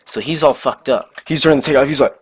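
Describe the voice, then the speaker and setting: A young man telling a story casually, animated and full of slang and swearing. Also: mid-range voice, fast talker, husky.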